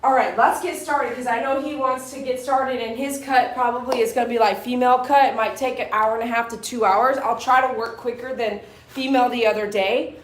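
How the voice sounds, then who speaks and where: A woman with a high voice talks through a casual grooming tutorial as a dog groomer. She chats freely and coaxes her dog with short commands. The sound is roomy and comes from a mic set some way off. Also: steady tone, brisk, hardly any pauses, slight background noise. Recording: roomy echo, mic at a distance.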